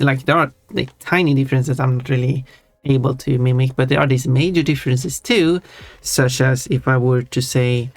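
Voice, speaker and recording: A Swedish-accented livestreamer talks things through in a loose, chatty way, backtracking and rephrasing as they explain. The voice sits at an ordinary middle pitch, and the sound is dry and close with no room echo. Soft music plays faintly underneath. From Sweden. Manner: chatty and explanatory, thinks aloud with restarts. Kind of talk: casual live-stream chat. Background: faint background music.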